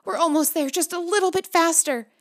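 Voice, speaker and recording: A woman voicing a brave, eager young girl, pitching her lines higher and calling out loud. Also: brisk. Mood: urgent. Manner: excited, raised and high.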